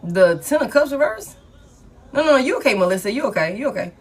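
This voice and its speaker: A woman's voice: a little high, animated, fast, breathy edge. A woman, chatting casually to her viewers as she reads tarot cards aloud in a live stream. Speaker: tarot reader.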